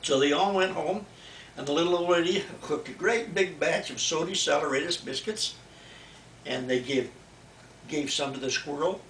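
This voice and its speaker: An older man tells a bedtime story to a grandchild in a folksy, repeating rhythm, his voice fairly high. He sits far from the mic in an echoey room. Faint noise runs behind him. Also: normal speed, a bit bright.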